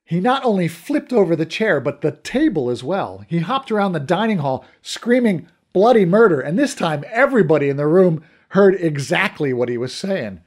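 A man's voice: high-pitched, big pitch swings, moderate pace, hardly any pauses. A man narrating a story in the first person, reading expressively. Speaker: audiobook narrator.

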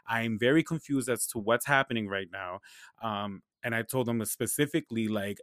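A man's voice: medium pitch, normal speed, no echo. Young guy telling a story, lots of slang and swearing, acts out both sides of the convo, dry close sound. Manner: animated, slangy and profane, acts out dialogue. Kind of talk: casual storytelling.

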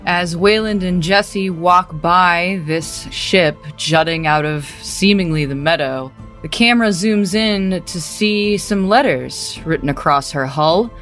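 A woman's voice: on the low side, takes it slowly, hardly any pauses, a bit bright, soft background music. A woman running a tabletop game, narrating scenes in detailed, cinematic description. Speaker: game master.

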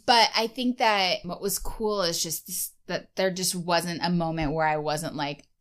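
A woman's voice: fairly low pitch, steady tone, a little slow. A woman co-hosting a podcast in casual chat, talkative and full of "like" fillers. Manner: chatty, uses many "like" fillers. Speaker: podcast co-host.

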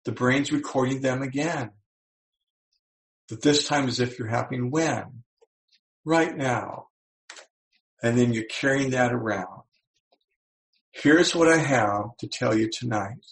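A male motivational speaker with a gravelly, creaky voice at an ordinary pitch. He addresses his audience directly and keeps it animated. He slips into little acted-out voices to make his points. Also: slow pace, long pauses, poor audio. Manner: animated, acts out quoted voices.

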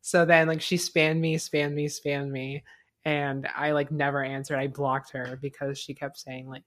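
A woman's voice: low voice, flat delivery, normal speed. A young woman co-hosting a podcast, telling a story in a casual, rambling way, full of fillers and swearing. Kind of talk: casual chat.

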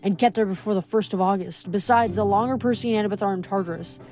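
A woman reading the lines of a blunt, gruff young male demigod in a storybook reading. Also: mid-range voice, quick pace, a little mellow, soft background music, lightly acted.

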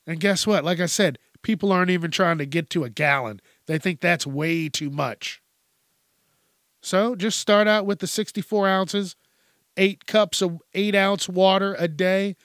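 A man's voice: sits high, measured pace, a bit bright, dry recording, clean studio sound. A middle-aged man hosting a podcast, talking in a blunt, profane, rambling monologue. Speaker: podcast host. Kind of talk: casual monologue.

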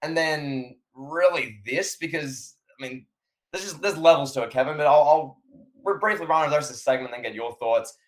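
A man's voice: a little high, fairly quick. A man co-hosting a podcast, chatting enthusiastically and often turning to his co-host by name. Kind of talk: casual podcast chat.

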